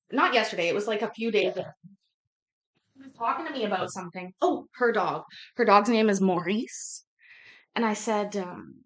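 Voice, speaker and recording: A woman in her thirties hosts a cooking vlog, chatting casually while she cooks, rambling from topic to topic and swearing now and then. Her voice is mid-range and a bit bright.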